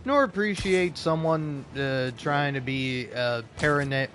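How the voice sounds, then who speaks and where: A man's voice: mid-range voice, measured pace, a bit bright, slight background noise. A young man streaming a game, rambling, swearing and joking at his own expense in casual chat. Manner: rambling, swearing, self-deprecating.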